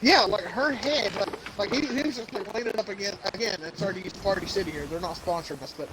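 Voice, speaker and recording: High-voiced and fast-talking, the young host of this podcast wanders through crude stories in loose banter. Silly impressions punctuate his telling, he laughs frequently, and the recording carries a noisy background.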